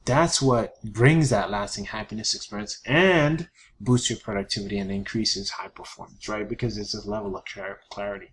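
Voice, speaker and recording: A man's voice: lowish voice, normal speed, a bit bright, slight background noise. A man presenting a productivity webinar in a casual lecturing style, peppered with "you know" and "right?". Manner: chatty, fillers and tag questions.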